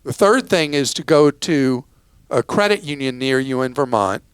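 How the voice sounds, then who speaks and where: A man's voice: medium pitch, lively intonation, normal speed, clear, resonant tone, no room sound. A man hosting a call-in consumer advice show, explaining money matters in a plain-spoken, casual way with offhand asides. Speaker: radio show host.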